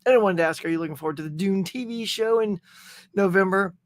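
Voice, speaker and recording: With a high voice and a quick pace, this host of a pop culture livestream clowns around cheerfully, reading out messages from viewer chat. He broadcasts casually from his Southern California home setup through a desktop USB mic, with no room sound audible.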